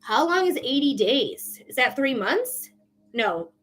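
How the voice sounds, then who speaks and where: A high-pitched woman talks through a live-stream reading in a loose, chatty way. She is blunt and drops swear words casually as she explains things to the viewer. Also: sing-song, takes it slowly, a bit bright, soft background music. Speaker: psychic reader.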